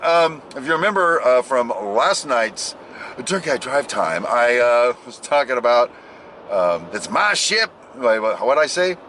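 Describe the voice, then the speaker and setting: A man's voice: mid-range voice, sharp tone, slight background noise. An American man hosting a casual driving vlog on his way home from work, rambling and joking and laughing at his own jokes. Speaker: vlog host. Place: car on the road.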